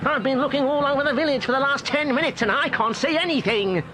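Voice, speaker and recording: A cheeky warlock. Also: male voice, extremely high pitch, fast talker, background noise. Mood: gossipy. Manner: chatty, mocking, acts out quotes in funny voices. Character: cheeky gossipy male warlock actor at a theme park. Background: music.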